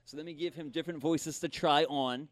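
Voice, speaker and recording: Animated comedian telling a story. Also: male voice, fairly high pitch, a little fast. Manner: animated, restarts sentences often. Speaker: comedian and ventriloquist guest. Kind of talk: casual storytelling.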